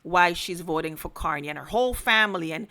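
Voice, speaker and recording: A woman's voice: fairly low pitch, expressive, a little fast, bright, forceful tone. A woman podcast host giving earnest, emphatic commentary straight to her audience, building up to pleading. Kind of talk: direct-to-camera commentary.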